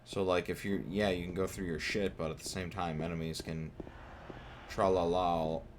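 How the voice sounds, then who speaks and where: A man with a very low voice gives loose, wisecracking commentary as he plays a horror game, chatting to the on-screen characters and cursing when he gets frustrated. A steady hiss of noise sits under his voice. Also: normal speed. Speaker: gameplay streamer. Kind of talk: casual let's-play commentary.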